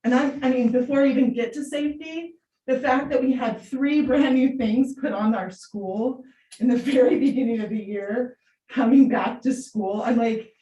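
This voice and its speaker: A woman's voice: fairly high pitch, normal speed, warm tone, lo-fi sound. Brief: woman teacher, union rep, reads a letter then talks candidly, distant mic, reverberant room. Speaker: eighth grade teacher and union representative. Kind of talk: public comment, reading a letter then speaking freely. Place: large meeting room. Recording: echoey room, distant mic, faint hiss.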